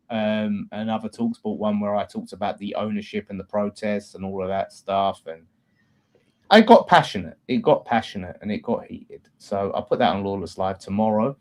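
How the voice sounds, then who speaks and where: A man hosting a casual football fan chat, animated and swearing freely, swinging between loud bursts and quiet asides. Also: fairly low pitch. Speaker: fan channel host.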